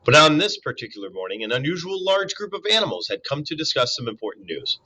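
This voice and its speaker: A man reading a children's novel aloud in an expressive way, with asides to young listeners. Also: a little high, fast talker, poor audio. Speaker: reader.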